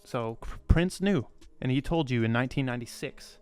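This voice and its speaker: A crypto channel host talks to camera bluntly and emphatically, rambling, repeating himself and cursing without restraint. His medium-pitched voice is lively and fairly quick, a little mellow and clean, with faint music in the background.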